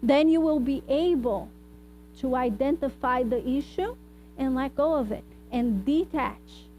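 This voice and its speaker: A woman's voice: high voice, unhurried, darkish tone, dull audio, slight background noise. A woman speaker and therapist giving an informal spiritual talk, addressing the audience with frequent asides and rhetorical "right?" questions. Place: hall of a spiritist society.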